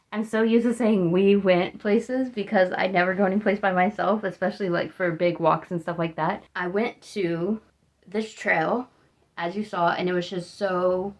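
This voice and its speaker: A young American woman chatting casually in a vlog, rambling and upbeat, sounding tired. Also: medium pitch. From United States. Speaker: vlogger.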